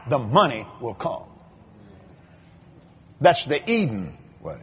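In a husky, medium-pitched voice, an elderly preacher takes his time telling stories during a sermon. He repeats words and performs the quoted voices with animation, all captured in a dull lo-fi recording.

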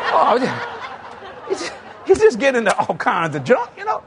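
A man's voice: very high voice, moderate pace, pauses often, a little hiss or hum. A man in his sixties with a Cajun South Louisiana accent, telling humorous stories in a sermon and acting out both sides of conversations. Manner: animated, acts out both sides of dialogues, chuckling asides. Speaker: preacher.

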